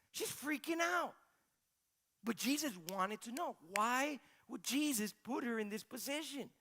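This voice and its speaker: A male pastor giving a sermon in a casual, conversational way, questioning and animated. His voice is bright and forward, and it rises and falls in loudness as he tells the story. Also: very high-pitched.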